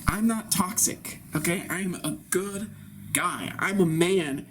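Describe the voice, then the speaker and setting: A man's voice: sits high, slow pace, fairly bright tone, slight background noise, full character voice. A man improvising an earnest, sensitive man who talks defensively and halts now and then. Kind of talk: improvised comedy scene.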